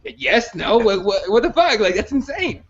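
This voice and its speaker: A man's voice: high voice, very animated, moderate pace, muffled recording. A man hosting a casual podcast about fighting. He rambles and swears, stumbling over restarts. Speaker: podcast host. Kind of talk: casual MMA chat.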